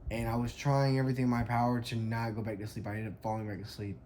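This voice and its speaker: A man's voice: medium pitch, little pitch movement, quick pace, darkish tone, a little hiss or hum. A young adult man, a fitness coach, tells a story in a casual vlog, emphatic and frank, with lots of "like".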